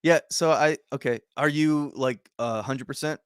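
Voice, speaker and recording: A man hosts a relaxed conversation, teasing his guest and asking long, rambling questions full of fillers. His pitch is mid-range, and the dry room adds no echo. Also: a little slow, smooth. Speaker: podcast host. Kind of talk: casual chat.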